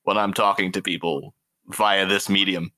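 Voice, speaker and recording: A man's voice: low voice, flat delivery, normal speed, sharp tone. A man from Ireland with a mild Irish accent that sounds almost American, chatting as a podcast guest and laughing as he tells stories. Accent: mild Irish, near American on mic. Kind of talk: casual chat.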